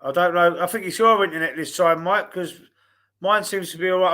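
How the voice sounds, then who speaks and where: Chatty Cockney man, slightly high voice. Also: brisk, sharp tone. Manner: chatty, hesitant, drops in fillers. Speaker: podcast host. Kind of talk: casual football chat. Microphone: video call.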